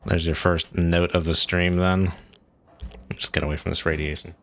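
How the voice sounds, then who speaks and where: A man's voice: sits low, level tone, normal speed, a bit bright. A man streaming a game, giving casual, rambling commentary as he plays and thinks aloud.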